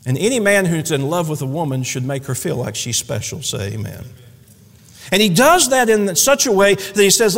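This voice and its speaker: Male pastor, animated pulpit delivery, very expressive pitch, echoing sanctuary. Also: moderate pace. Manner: folksy, animated preaching with humorous asides. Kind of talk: sermon. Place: church sanctuary.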